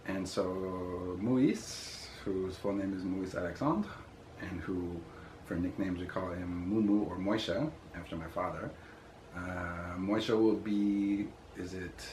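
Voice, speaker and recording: A man's voice: deep voice, unhurried, darkish tone, slight background noise. A man in his forties being interviewed, thinking aloud as he searches his memory. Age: 40s. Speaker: interview guest. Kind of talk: casual reminiscing interview. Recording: roomy echo.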